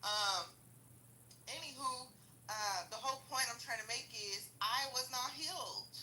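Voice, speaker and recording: A woman's voice: fairly high pitch, a little slow, bright, forceful tone, a little hiss or hum, low-quality recording. A woman telling a casual, blunt story in a rant, full of slang and swearing and laughing as she goes. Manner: blunt, profane, slangy, laughs through stories. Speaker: vlogger.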